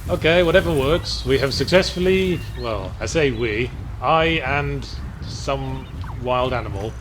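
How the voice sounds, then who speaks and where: A man's voice: mid-range voice, measured pace, noisy background. A man with a British accent giving dry, sardonic commentary while he plays a video game. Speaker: streamer playing the game. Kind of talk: casual let's-play commentary. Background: game music.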